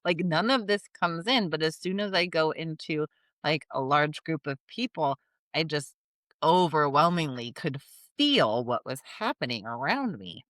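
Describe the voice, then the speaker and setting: A woman's voice: low voice, expressive, unhurried, a bit bright, dry recording. A woman co-hosting a podcast in casual chat, talking loosely with lots of "like". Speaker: podcast co-host.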